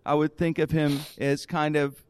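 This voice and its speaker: A male podcast host in casual interview chat, reacting often and thinking out loud. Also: a little high, flat delivery, moderate pace, clean tone, dry recording.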